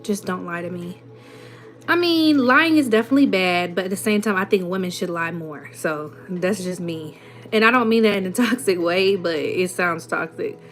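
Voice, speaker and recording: A woman in her twenties with a Southern US accent and a fairly low-pitched voice speaks at a moderate pace over soft background music. Hosting a casual livestream chat with a runny nose, she reads comments aloud and answers them bluntly and sassily, often with rhetorical questions.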